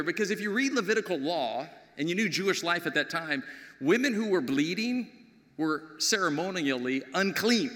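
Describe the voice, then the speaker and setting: A middle-aged male pastor delivers a sermon with lively storytelling, swinging between loud bursts and hushed asides. His voice sits a little high with a bright, forceful tone. The sound carries a long reverb from a large church sanctuary.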